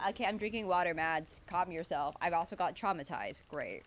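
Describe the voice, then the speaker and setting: A woman's voice: fairly low pitch, animated, brisk, few pauses. A woman streamer chatting casually with her chat while she draws, bubbly and a bit chaotic. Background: background music.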